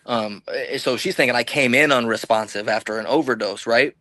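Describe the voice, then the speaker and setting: A man's voice: medium pitch, brisk, sharp tone, dry recording. A man from the Illinois-Iowa border telling a long personal story in casual, rambling, profane talk, acting out what people said. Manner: rambling, profane, acts out quoted dialogue. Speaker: podcast guest.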